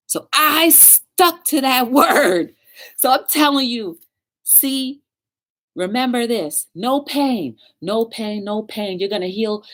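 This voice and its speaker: Animated woman hosting a live-stream chat. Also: a little high. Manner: animated storytelling, greets chat viewers by name; upbeat, encouraging. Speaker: talk show host.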